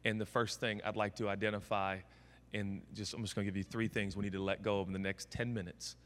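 Male preacher, lively, bright sharp tone, joking sermon, echoey big room. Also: fairly low pitch, quick pace. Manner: animated comic storytelling preacher. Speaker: pastor. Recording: long hall reverb.

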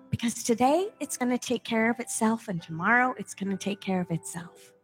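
A woman's voice: fairly high pitch, lively intonation, fairly quick, faint music behind. A woman pastor preaching a sermon from a church stage, impassioned, acting out inner voices with big swings in tone.

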